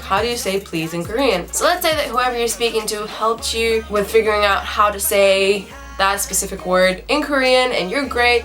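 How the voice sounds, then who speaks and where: A woman's voice: mid-range voice, a bit bright. Chatty young woman teaching phrases. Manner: chatty, upbeat, repeats phrases for learners. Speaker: language tutor. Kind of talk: casual online language lesson. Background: faint background music.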